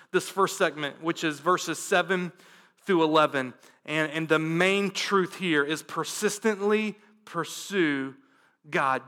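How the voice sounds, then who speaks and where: A man preaching a sermon as pastor, dropping to a hushed prayer and rising to loud, emphatic calls, repeating phrases for emphasis. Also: high-pitched.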